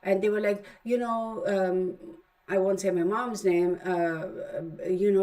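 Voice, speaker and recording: Unhurried and dark in tone, this Texan-accented woman speaks at a medium pitch with fairly even intonation. The middle-aged tarot channel host chats casually on her livestream, spinning a long, filler-heavy story.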